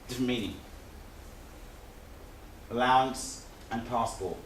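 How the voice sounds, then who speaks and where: A man's voice: mid-range voice, steady tone, measured pace, a bit bright. A man teaching a live seminar in a conversational, repetitive way, often restating his points. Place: seminar room. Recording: echoey room, distant mic, faint hiss.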